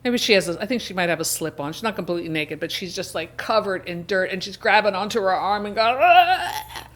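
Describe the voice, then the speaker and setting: A woman hosting a casual show, retelling a film's plot in a chatty way with quick asides. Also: mid-range voice, fairly bright tone. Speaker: host. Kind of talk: casual film discussion.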